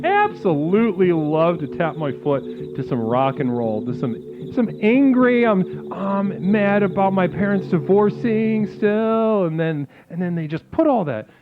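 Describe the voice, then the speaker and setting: A man hosting a comedic call-in show, talking like a calm guru and then breaking into sudden crude outbursts. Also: sits high, unhurried, hardly any pauses, noisy background. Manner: mock-serene guru talk, abrupt crude outbursts. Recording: phone-like lo-fi sound with faint music.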